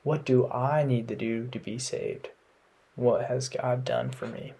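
A young man hosting a casual faith podcast, talking in a relaxed, rambling way with many ums and restarts. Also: mid-range voice, a little slow, gravelly, slightly rough. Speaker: podcast host. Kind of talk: casual devotional podcast talk.

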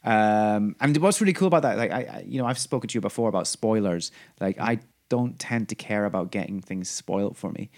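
Low-voiced man chatting with enthusiasm. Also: expressive, brisk, few pauses, a little mellow. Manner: rambling, with many fillers and restarts. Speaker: podcast co-host. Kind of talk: casual chat.

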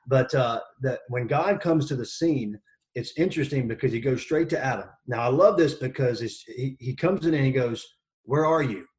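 A man in his thirties talking as a podcast guest, energetic and joking as he tells stories. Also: medium pitch, moderate pace. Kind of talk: casual podcast conversation.

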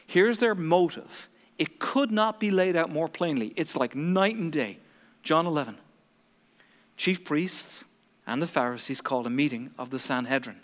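A man's voice: a little high, normal speed, long reverb tail. A man preaching a sermon in a dramatic, emphatic way, acting out the quotes he reads.

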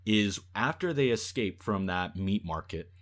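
A man in casual conversation, reviewing a movie with exasperated, animated delivery and acted-out quotes. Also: lowish voice, a little slow.

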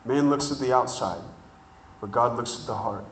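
A man preaching a sermon, telling a story and acting out the people in it, building to excited shouting. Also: mid-range voice, moderate pace, reverberant, far from the mic, a little hiss or hum, low-quality recording. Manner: builds from calm to shouting excitement, acts out dialogue. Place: church hall with congregation.

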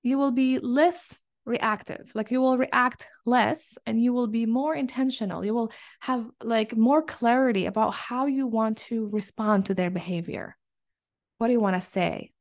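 Earnest woman podcast host, slightly high voice. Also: moderate pace. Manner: earnest, encouraging, repeats phrases for emphasis. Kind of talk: solo podcast coaching talk.

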